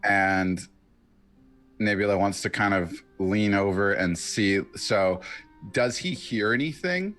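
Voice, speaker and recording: A man's voice: fairly low pitch, fairly bright tone, faint music behind. A man playing a tabletop role-playing game, casually describing his character's actions and thinking aloud as he goes. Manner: deliberate, thinks aloud with fillers. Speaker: player.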